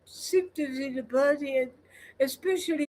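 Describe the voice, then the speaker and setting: A woman speaking earnestly and slowly about her inner spiritual feelings in a played clip. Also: high-pitched, a little mellow. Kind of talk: spiritual testimony.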